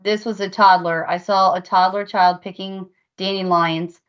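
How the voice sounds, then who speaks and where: A woman's voice: medium pitch, steady tone, moderate pace, clean tone, dull audio. A woman co-hosting a paranormal podcast, earnestly recounting at length what spirits showed her. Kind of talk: casual podcast discussion.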